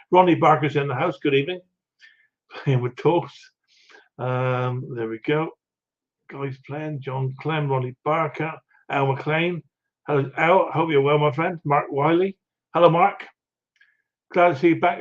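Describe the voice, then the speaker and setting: An older man hosting a live stream, chatting casually and chuckling while he greets viewers from the chat. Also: medium pitch. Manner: chatty, rambling, chuckles often. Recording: dull lo-fi audio.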